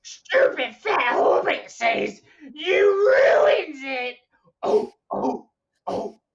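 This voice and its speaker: A man impersonating a wretched, bitter creature with a strained, drawn-out wail. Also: extremely high pitch, very animated, vocal fry, reverberant, shouting, recorded from a distance, muffled recording, pitched above the performer's own voice, full character voice.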